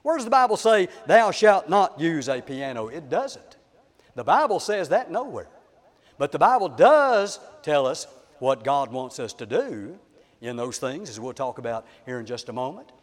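A man preaching a sermon, emphatic and swinging between loud declarations and soft asides. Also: a little high, big pitch swings, normal speed. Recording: long hall reverb.

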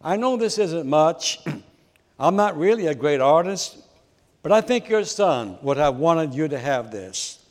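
A preacher voicing a humble young soldier in a reverberant hall. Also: male voice, fairly high pitch, sing-song, measured pace. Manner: humble, quietly sincere. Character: earnest grateful young male soldier. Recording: long reverb of a large hall.

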